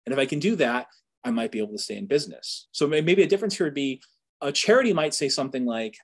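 A man from the Boston area gives a relaxed, informal lecture as a professor talking to alumni. His voice is a little husky at a middling pitch. He keeps it conversational, tossing in wry asides and checking in with "right?". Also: fast. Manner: conversational, joking asides, frequent "right?" tags. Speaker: university professor giving a talk.

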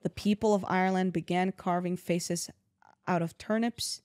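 A woman's voice: fairly low pitch, steady tone, normal speed, a little mellow, dry recording. Young woman, casual reader, dry close mic, jokey asides. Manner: laughing, swearing, jokey asides while reading. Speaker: co-host reading a legend aloud. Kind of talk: casual chat with read-aloud storytelling. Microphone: own microphone.

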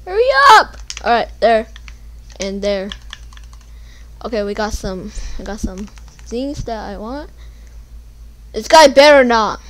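A young woman giving casual gameplay commentary, panicking and pleading, then yelling at the game. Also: medium pitch, takes it slowly, long pauses, slight background noise. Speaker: gamer.

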